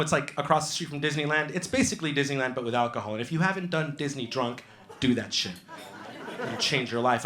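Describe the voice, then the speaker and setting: A man doing stand-up storytelling on a comedy club stage into a handheld mic, animated and acting out other people's voices. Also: medium pitch, echoey room.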